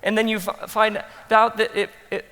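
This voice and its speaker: A man speaking to a room of pastors, telling funny stories from his own work and acting out his inner thoughts in a hushed voice. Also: high-pitched, normal speed. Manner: animated storytelling, acts out quoted inner thoughts in hushed tones. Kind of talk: conference talk with humorous stories. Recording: long hall reverb.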